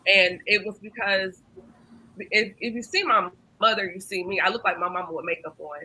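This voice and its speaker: A woman's voice: medium pitch, fairly even intonation, moderate pace, pushed and bright, breathy edge, low-quality recording. A woman hosting a panel discussion, earnestly telling a personal story with frequent ums and restarts. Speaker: host and facilitator.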